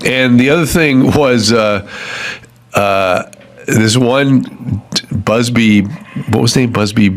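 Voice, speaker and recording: A man hosting a casual podcast chat, dry and wry, pausing to hunt for words. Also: mid-range voice.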